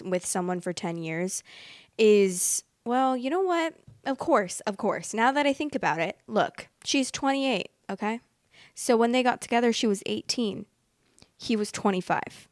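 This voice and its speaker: A woman's voice: medium pitch, dry recording. Woman reading a story aloud, dry sound. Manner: expressive, thinks out loud with fillers and restarts. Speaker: podcast host. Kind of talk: reading a Reddit story aloud, then reacting.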